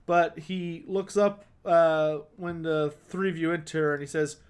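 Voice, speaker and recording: A man narrating as game master in a tabletop game, halting with many fillers. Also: on the high side, steady tone, smooth.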